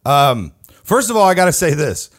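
Male podcast co-host, higher-pitched, chatty storyteller who laughs a lot. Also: very animated, moderate pace. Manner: chatty storyteller, laughs often while telling anecdotes. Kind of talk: casual chat.

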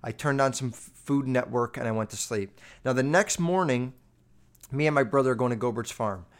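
Talking directly to his audience, a man rambles through a story in a profane, animated monologue packed with the filler "like." His voice is mid-range and he moves at a brisk clip.

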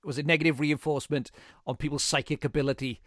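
Male podcast host, fairly high voice, enthusiastic, rambling, dry close sound. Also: steady tone, fast talker, a bit bright, no room sound. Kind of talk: casual film chat.

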